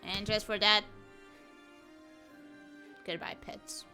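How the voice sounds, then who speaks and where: A woman's voice: medium pitch, level tone, slow pace, pushed and bright, soft background music. A woman chatting casually on a live art stream, giggling often as she playfully answers chat while she draws.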